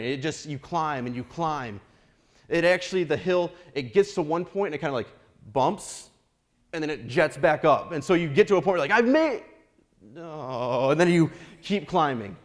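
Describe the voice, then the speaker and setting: Earnest male pastor preaching a sermon. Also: medium pitch. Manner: earnest, repeats words, builds to soft prayerful passages.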